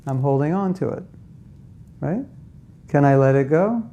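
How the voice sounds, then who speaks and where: A man's voice: fairly high pitch, lively intonation, measured pace, warm tone, lo-fi sound, a little hiss or hum. A man giving a conversational spiritual talk to a live audience, often asking them questions and acting out inner voices. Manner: acts out inner voices in quotes. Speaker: spiritual teacher.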